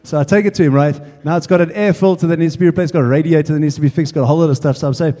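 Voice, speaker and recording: Chatty preacher in a hall. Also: male voice, fairly high pitch, steady tone, racing, few pauses, warm tone. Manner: casual, chatty anecdote-telling. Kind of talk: sermon storytelling. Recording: echoey hall.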